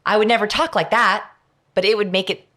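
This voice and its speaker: A middle-aged woman, a guest on an interview podcast, explaining her ideas in an energetic, emphatic way with lots of examples. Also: mid-range voice, fairly quick. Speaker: guest, behavioral researcher. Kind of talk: conversational interview.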